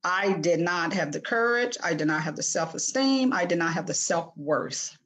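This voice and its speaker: A woman's voice: lowish voice, lively intonation, moderate pace, a bit bright. A woman in her sixties, a guest author speaking earnestly in an interview, often restarting her sentences. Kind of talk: podcast interview.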